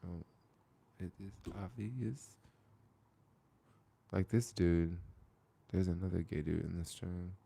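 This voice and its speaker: A man with a low, gravelly voice talks casually on a livestream, circling back over the same phrases to make his point. His tone is dark and mellow. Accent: American. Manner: repetitive, restarting phrases, drawn-out emphasis. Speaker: livestream host.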